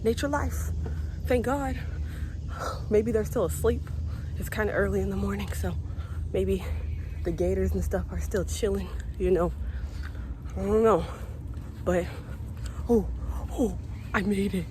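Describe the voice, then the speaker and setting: A woman's voice: medium pitch, unhurried, long pauses, dark tone, slight background noise. A woman vlogging while walking a nature trail outdoors, talking nervously and directly to her viewers about being scared, filmed on a handheld phone. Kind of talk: casual vlog talk to camera.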